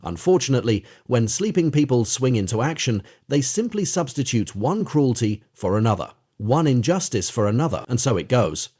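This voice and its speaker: A man's voice: medium pitch, sing-song, moderate pace, hardly any pauses, a little mellow, slightly rough. A man giving a spiritual talk that includes storytelling, speaking earnestly and directly to the listener. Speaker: spiritual teacher.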